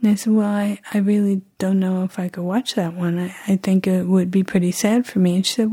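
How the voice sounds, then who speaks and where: A middle-aged woman telling a personal story in a reflective, halting way, often restarting her sentences. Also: mid-range voice, little pitch movement, dark tone, husky.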